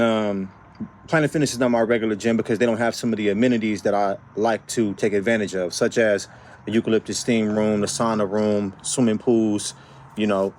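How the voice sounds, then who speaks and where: Animated man telling a story casually. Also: fairly low pitch, a little hiss or hum. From San Francisco Bay Area. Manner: animated, emphatic, repeats phrases for effect; informal speech with frequent tag questions. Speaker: vlogger.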